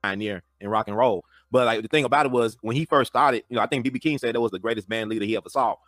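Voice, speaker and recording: A man's voice: medium pitch, racing, fairly bright tone, no echo, clean studio sound. A man in casual conversation, chiming in with background facts.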